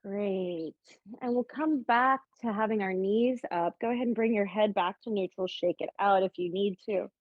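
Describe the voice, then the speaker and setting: A yoga instructor leads a class in an upbeat, playful way with light jokes, guiding poses and sometimes talking while holding one herself. Her voice is medium-pitched at a normal speed. The audio is narrow and tinny, with no room sound.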